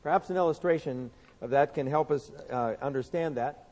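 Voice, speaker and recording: A high-voiced man preaches in an earnest, storytelling way, circling back over his words as he builds each point. His voice rings through a large hall with a long reverb tail. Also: fairly quick, darkish tone. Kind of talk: sermon.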